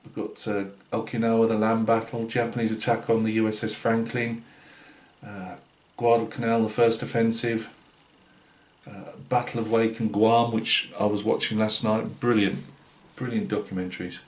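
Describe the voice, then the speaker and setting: A man's voice: fairly low pitch, little pitch movement, moderate pace. A British man with a Northeast English accent, hosting a scale-modelling channel in casual, rambling vlog chat full of fillers and restarts. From Britain. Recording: roomy echoey room.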